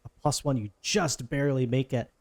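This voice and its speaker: A man's voice: mid-range voice, brisk. A man running a tabletop game as game master, narrating in a casual, rambling way.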